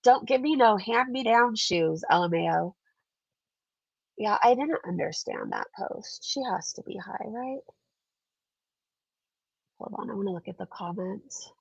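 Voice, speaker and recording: A woman vlogger talks through viewer comments in a chatty, sarcastic way. Her voice is congested and gravelly. The recording is dry and a bit muffled. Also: medium pitch, expressive, a little slow, long pauses, no room sound. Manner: chatty, sarcastic, laughs often. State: stuffed up, congested. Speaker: commentary channel host. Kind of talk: casual commentary vlog reading viewer comments.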